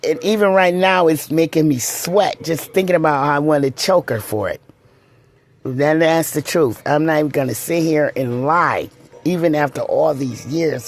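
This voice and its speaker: A woman's voice: lowish voice, darkish tone. A middle-aged woman telling a personal story in a blunt, emphatic way, often repeating herself.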